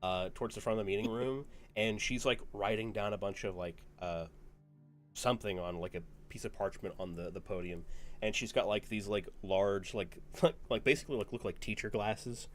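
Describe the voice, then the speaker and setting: A man's voice: on the low side, fairly even intonation, moderate pace, soft background music. A man narrating as game master of a tabletop game, rambling with lots of fillers. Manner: rambling, full of fillers and laughs.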